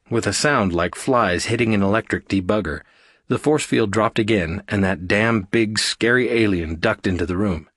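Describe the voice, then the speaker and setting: A man narrating a science fiction audiobook in a steady, even storytelling manner. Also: on the low side, dry recording, studio quality. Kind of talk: scripted narration.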